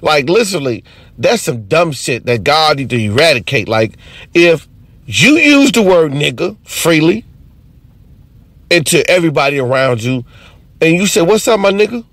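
A man rants through an unscripted, profane comedy monologue. His voice sits a little high and swings widely in pitch. The recording is dry and close, with no room sound. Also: normal speed, long pauses, dry recording. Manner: profane, ranting, animated.

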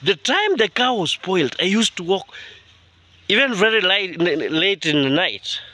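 A man vlogging outdoors on his rural land, talking to viewers in an animated, indignant way and often repeating himself. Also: high voice, unhurried. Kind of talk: casual vlog talk to viewers.

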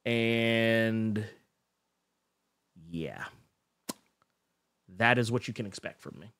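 A man's voice: fairly low pitch, drawn-out words, a bit bright, clear, resonant tone, no echo. A man hosting a casual livestream, reading chat messages in a rambling, self-interrupting and emotional way. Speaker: podcast host reading live chat.

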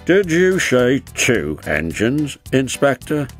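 A man voicing a stern, brisk male railway boss. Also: mid-range voice, wildly swooping pitch, faint music behind, pitched above the performer's own voice.

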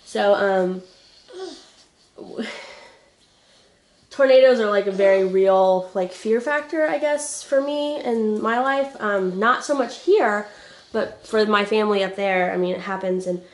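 A woman's voice: medium pitch, measured pace. A young woman from Oklahoma chatting casually to the camera at home, full of fillers, with a cold and a hacking cough. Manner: chatty, filler-heavy storytelling. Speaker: family vlogger. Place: family home, indoors.

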